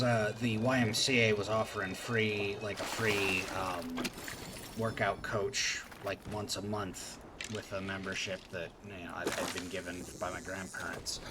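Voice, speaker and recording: Male streamer, faint country twang, meandering chatty delivery, noisy background. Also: fairly low pitch. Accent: faint rural Appalachian. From Appalachia, USA. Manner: rambling storytelling with many fillers. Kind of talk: casual chat while gaming.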